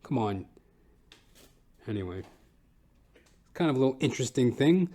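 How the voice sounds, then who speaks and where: A man's voice: lively intonation, moderate pace, dark tone. A man hosting a comedy podcast, rambling and swearing through a solo monologue. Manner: profane, rambling, jumps into high silly voices. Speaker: podcast host.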